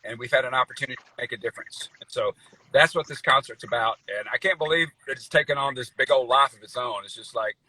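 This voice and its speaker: Guy rambling thru a story on a video call, real bright, kinda husky, lots of uh and y'all. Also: mid-range voice, fast talker, low-quality recording. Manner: folksy storyteller, says y'all, many fillers. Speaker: guest country singer. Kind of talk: casual interview chat.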